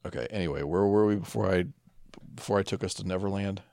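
Podcast co-host, man, very low voice, deadpan and profane, dry close mic. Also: fast talker, creaky, dry recording. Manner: laid-back, profane, deadpan asides. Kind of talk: casual chat.

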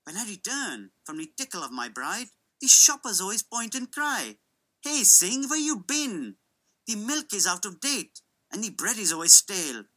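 A woman's voice: mid-range voice, very animated, normal speed, sharp tone, poor audio. A woman reading a poem aloud, voicing a playful young male shopkeeper with a sing-song, rhythmic delivery. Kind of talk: dramatic poetry reading.

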